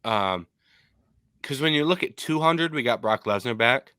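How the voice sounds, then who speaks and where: A young adult man from Michigan co-hosting a casual MMA podcast, opinionated and animated with frequent ums. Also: mid-range voice, measured pace, clear, resonant tone, no echo, studio quality.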